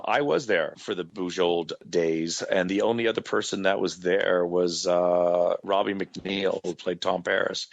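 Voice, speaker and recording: Low gravelly-voiced man telling stories. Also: dry recording, lo-fi sound. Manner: animated anecdotes with frequent "right?" check-ins. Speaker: actor guest. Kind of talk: casual interview storytelling.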